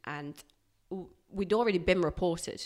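A woman, a guest recounting a hard workplace experience in a candid, animated way. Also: lowish voice, measured pace. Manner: animated, emphatic retelling with bursts of loudness. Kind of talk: candid personal storytelling.

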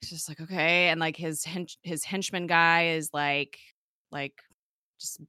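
A woman's voice: deep voice, steady tone, a little slow, pushed and bright, clear, resonant tone, no echo, clean studio sound. A woman casually recapping a TV episode, chatty and full of fillers, laughing often. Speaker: podcast co-host recapping a TV episode.

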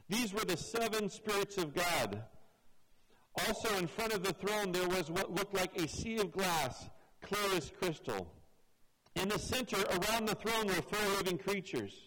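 High-voiced man teaching scripture. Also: fairly bright tone, rough recording. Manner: reads aloud, then explains with emphatic repetition. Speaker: Bible study teacher.

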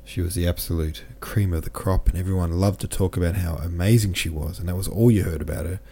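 Man, podcast host, low voice, casual rambling book talk. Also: steady tone, fast talker, creaky, dark tone, slightly rough. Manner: rambling, conversational, reads listener comments aloud.

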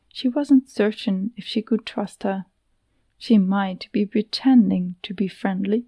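A woman narrating a fantasy story in a steady, even reading voice. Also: mid-range voice, no echo. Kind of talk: scripted audiobook narration.

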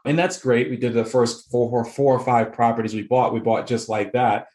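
A man from the Boston area, a real estate investor, talking as an interview guest in a relaxed, storytelling way. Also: medium pitch, moderate pace, roomy sound. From Boston area, United States. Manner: laughs easily, relaxed storytelling. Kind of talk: casual interview chat.

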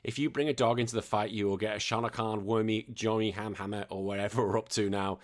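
Jokey swearing podcast host. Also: male voice, lowish voice, fairly even intonation, quick pace. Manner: swearing, jokey, laughs often. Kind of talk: casual chat.

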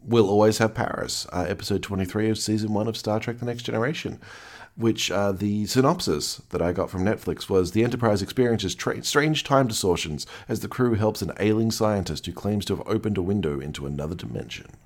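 Low-voiced male podcast host, wry and deadpan. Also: brisk. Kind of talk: casual chat.

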